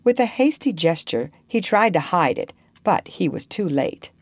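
A woman reading a storybook aloud in a slow, expressive manner as narrator. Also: on the low side, dry recording.

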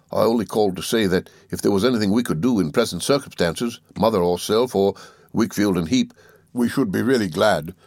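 A man's voice: fairly low pitch, no echo, studio quality. A man doing an oily, fawning clerk. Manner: humble, ingratiating, sickly polite.

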